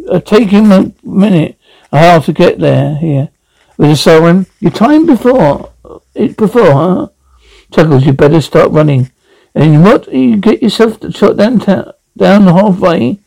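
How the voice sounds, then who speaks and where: A man reading out an audio drama, speaking every part and reading the sound cues flatly. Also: a little high, creaky, no room sound, low-quality recording.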